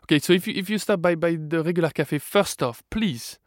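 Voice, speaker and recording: A man's voice: a little high, a little fast, no room sound, clean studio sound. A man from France with a French accent, a cookbook author chatting playfully as a radio guest. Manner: playful, animated, many restarts. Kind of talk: casual radio interview.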